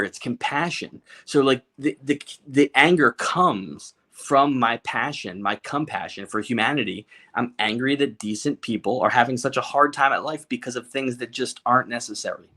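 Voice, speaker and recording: A man's voice: medium pitch, lively intonation, moderate pace, pushed and bright. A man as a podcast guest, talking candidly in casual conversation, joking and restarting his sentences often.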